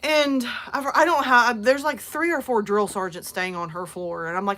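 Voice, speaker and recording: Animated woman telling a funny story. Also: normal speed. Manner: animated, laughing, acts out quotes in squeaky voices. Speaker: channel host. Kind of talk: casual storytelling.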